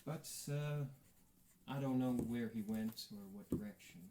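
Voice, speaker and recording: Male game master narrating, slow and halting, faint hiss on the track. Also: medium pitch, animated, gravelly, echoey room. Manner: slow, hesitant, many fillers.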